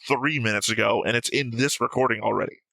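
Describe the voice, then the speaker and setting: A man with a gravelly, bright and forceful voice, talking casually and teasing his co-host. He explains his reasoning at length. The sound is dry and close. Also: medium pitch, quick pace, no echo. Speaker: co-host of an anime reaction show. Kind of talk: casual chat.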